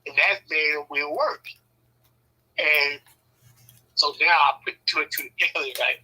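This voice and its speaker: A man from Southern California telling personal stories in a casual, animated way, swearing freely and acting out the voices he quotes. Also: on the high side, a little slow, breathy edge, low-quality recording. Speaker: speaker sharing personal stories. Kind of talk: casual storytelling.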